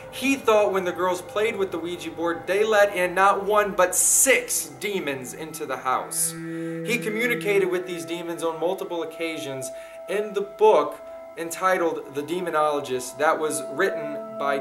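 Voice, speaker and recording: Male host, slightly high voice, earnest casual storytelling to camera, soft music underneath. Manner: earnest, speaks straight to viewers.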